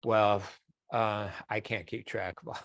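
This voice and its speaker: A man's voice: on the low side, flat delivery, a little slow, no echo, lo-fi sound. A man speaking as a guest in an online question-and-answer session, chatty, sometimes acting out voices in quotes. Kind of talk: online webinar Q&A.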